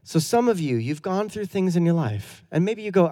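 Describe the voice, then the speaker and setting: With a voice that sits high and a moderate pace, a thirty-something pastor preaches his sermon. He tells stories conversationally and easily, poking fun at himself along the way.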